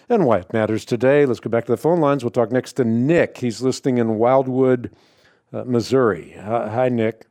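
A man hosting a call-in radio show, explaining scripture to callers in a measured, authoritative way. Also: mid-range voice, dark tone, no room sound, studio quality. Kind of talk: call-in Bible answer radio.

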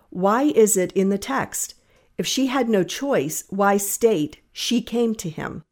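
A woman giving a scripted reading of a commentary, measured, reading quotations aloud and marking each one. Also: fairly low pitch. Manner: measured, reads quotations aloud with "quote, unquote".

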